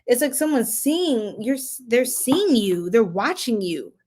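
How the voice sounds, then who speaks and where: A young woman doing a casual tarot reading, chatty and animated, often laughing and breaking into loud exclamations. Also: a little high, unhurried. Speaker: tarot reader.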